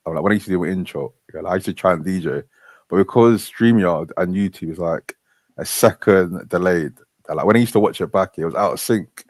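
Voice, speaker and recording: A man's voice: low voice, brisk, a little mellow, no echo. A male host of an online radio stream, talking in an easygoing, rambling way. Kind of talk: casual stream chat.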